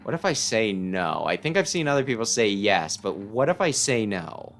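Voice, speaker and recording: A man's voice: on the low side, big pitch swings, normal speed, a bit bright, soft background music. A man casually playing a game on stream, reading its text aloud and reacting with wry, swearing asides. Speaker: let's-play gamer.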